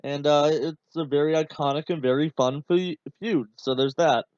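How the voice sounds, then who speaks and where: Watching a match, this podcast host talks casually and rambles with lots of fillers, turning sarcastic and exasperated. He has a fairly high, slightly mellow, smooth voice at a moderate pace, recorded on a dull, dry podcast mic with no echo.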